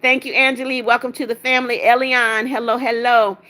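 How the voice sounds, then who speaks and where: A woman's voice: on the high side, flat delivery, a little fast, sharp tone. A woman hosting a livestream, reading chat comments aloud and greeting viewers with cheerful repeated hellos, sometimes stumbling over names. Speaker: livestream host.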